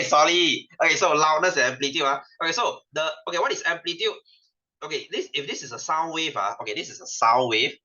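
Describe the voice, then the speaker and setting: A man's voice: mid-range voice, bright, forceful tone. A young man with a Malaysian English accent teaching an online science class, playful and teasing, laughing often. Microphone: webcam microphone. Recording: dull lo-fi webcam audio.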